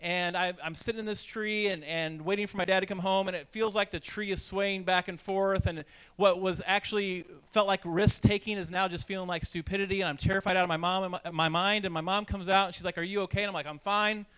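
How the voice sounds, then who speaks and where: A man's voice: sits high, fairly even intonation, fast, few pauses, a bit bright, smooth. A man from Indiana preaching a sermon, telling a self-deprecating childhood story and acting out the voices of the people in it. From Indiana, USA. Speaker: pastor.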